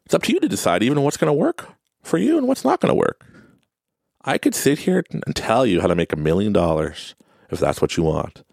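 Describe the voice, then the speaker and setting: Young male host, deep gravelly voice, lively and earnest motivational delivery, dry close sound. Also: dry recording. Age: young adult. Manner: earnest, repetitive, animated, mimics others in high voices. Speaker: podcast host. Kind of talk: motivational talk.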